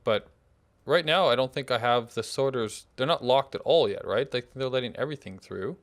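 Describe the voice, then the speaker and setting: A man's voice: medium pitch, moderate pace. Man thinking aloud over a game. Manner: rambling, thinks aloud while managing game systems. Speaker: gameplay host. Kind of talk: casual multiplayer gameplay chat.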